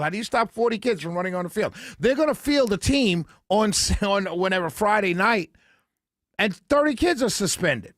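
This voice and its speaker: A man's voice: sits high, brisk, no echo. A man hosting a talk radio show from a studio, giving his opinions emphatically and working them out as he speaks. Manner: emphatic, opinionated, thinks out loud. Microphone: studio microphone.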